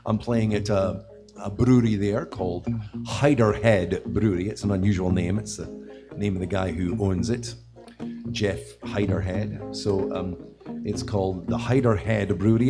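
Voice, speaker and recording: A man from northeast Scotland with a northeast Scottish accent, a musician reciting a ballad and telling dry-humoured jokes on a live show. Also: deep voice. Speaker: musician guest.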